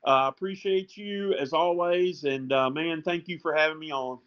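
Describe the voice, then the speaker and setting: Man, guest, higher voice, animated storyteller, muffled lo-fi audio. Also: moderate pace, smooth. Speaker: guest coach. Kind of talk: casual talk show chat.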